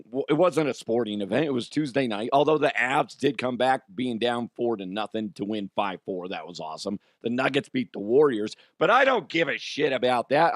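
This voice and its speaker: Hoarse, profane male comedy host. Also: mid-range voice, no room sound, clean studio sound. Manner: profane, self-mocking. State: hoarse, strained voice. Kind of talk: casual comedic monologue.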